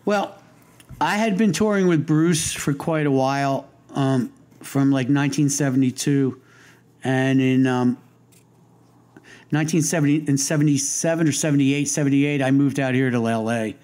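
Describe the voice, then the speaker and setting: A man's voice: mid-range voice, normal speed, a little mellow. Older guy on an interview, rambly storyteller, lots of ums and restarts, jokey wise guy. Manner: rambling, with many restarts and fillers; self-deprecating wise guy humor. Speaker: interview guest, lighting designer. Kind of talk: casual anecdotal storytelling.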